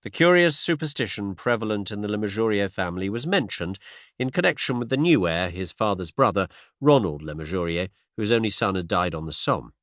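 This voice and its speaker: A man's voice: lowish voice, lively intonation, brisk, fairly bright tone, dry recording. A man narrating a classic mystery story as a studio audiobook, told in the first person. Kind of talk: scripted narration.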